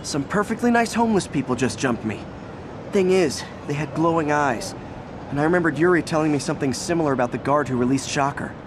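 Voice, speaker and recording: A man's voice: a little high, expressive, fast, background noise, lightly acted. An actor playing a friendly, earnest young male hero who talks in an upbeat, chatty way.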